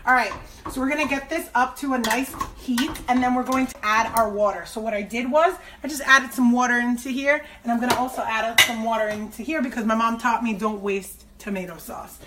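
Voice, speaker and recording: A woman hosting a casual cooking vlog, chatty and playful with slang, her voice slightly hoarse. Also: a little high, brisk. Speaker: cooking show host. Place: home kitchen. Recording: roomy, distant mic, clattering kitchen noise.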